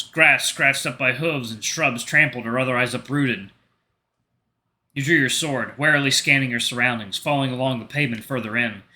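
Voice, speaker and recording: Bright-voiced man reading a game aloud. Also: medium pitch. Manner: casual reactions between steady narration. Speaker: gaming channel host.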